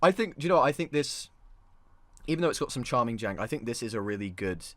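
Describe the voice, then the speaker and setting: A young man, hosting a casual, joking chat about films with quick banter. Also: medium pitch, animated, a bit bright, no room sound. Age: 20s. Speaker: host.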